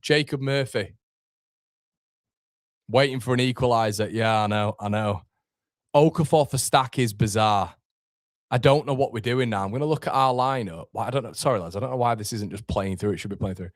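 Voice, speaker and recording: Exasperated football fan. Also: male voice, mid-range voice, a little fast, no echo, studio quality. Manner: anxious, exasperated, swearing, rising to shouts at the keeper. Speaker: fan watchalong host. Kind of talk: live football fan commentary.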